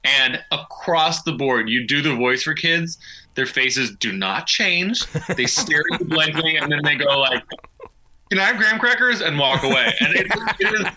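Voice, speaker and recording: Bright, animated male voice actor. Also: a little high, normal speed, low-quality recording. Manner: animated, self-deprecating storyteller. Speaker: voice actor guest. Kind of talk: interview.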